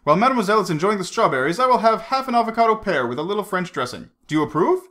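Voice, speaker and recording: A man reading aloud, voicing a suave secret agent who speaks in a crisp, assured way. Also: high-pitched, sing-song, racing, bright, forceful tone, pitched above the performer's own voice, full character voice. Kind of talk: audiobook character reading.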